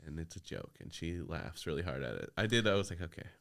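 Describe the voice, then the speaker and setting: A man's voice: a bass voice, very animated, fast, gravelly, fairly bright tone. A man co-hosting a comedy movie podcast, retelling scenes in a laid-back way and laughing often. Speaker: podcast co-host. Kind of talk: casual movie discussion.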